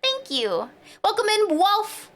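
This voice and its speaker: A woman livestreamer talks casually to her viewers in a high, bright voice. Her pitch leaps up and down as she squeals greetings and jokes around. She sounds bubbly and playful at a close desk microphone. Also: huge pitch swings, slow. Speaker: streamer. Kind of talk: casual live-stream chat.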